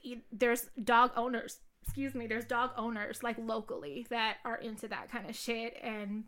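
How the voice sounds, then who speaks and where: A young woman co-hosting a podcast tells stories in casual, profane chat, candid and packed with fillers. Her voice is on the high side and a bit bright, with fairly even intonation and a moderate pace.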